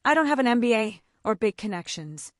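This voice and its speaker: A woman's voice: a little high, sing-song, brisk, dry recording. A woman plays an anxious single mother in an audio story. Her voice is worried and unsure, and the sound is dry and close. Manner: tearful, anxious. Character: distressed single mother, a co-worker.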